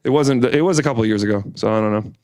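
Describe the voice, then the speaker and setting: A man's voice: medium pitch, racing, darkish tone, no echo, clean studio sound. A man from Michigan telling exasperated, profane stories in a casual chat. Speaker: podcast co-host.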